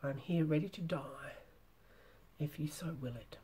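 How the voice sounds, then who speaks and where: A woman's voice: sits low, measured pace, mellow, husky, full character voice. A woman voicing a desperate, earnest young knight in a storybook reading, formal and pleading.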